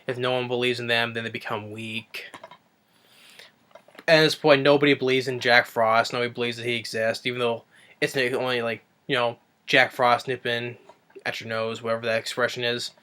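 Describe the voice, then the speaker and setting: A man talks through a movie review in an easygoing, unscripted way, circling back and restarting his sentences often. His voice is bright and smooth, with a crisp, clear tone. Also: mid-range voice, level tone, moderate pace. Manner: rambling, with many restarts and self-corrections. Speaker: film reviewer. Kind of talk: casual spoken movie review.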